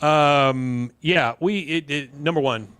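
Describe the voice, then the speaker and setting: A man's voice: medium pitch, moderate pace, smooth. A man hosting a podcast, recapping a cartoon episode in casual chat with lots of "uh"s. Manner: rambling, with many fillers. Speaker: podcast host.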